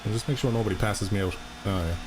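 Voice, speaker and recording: A young Irish man with a lowish voice talks fast, chatting casually with his viewers and swearing freely as he streams a racing game live. Racing game music and car engine sounds play behind him.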